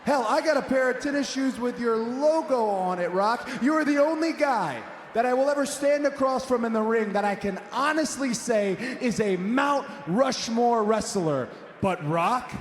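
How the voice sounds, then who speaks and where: High-voiced, sarcastic man in an echoing arena. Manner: mocking and sarcastic, bursts into shouts, mimics others in a high voice. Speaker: pro wrestler cutting a promo. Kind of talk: sarcastic wrestling promo. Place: large arena. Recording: echoey arena with long reverb, faint crowd noise.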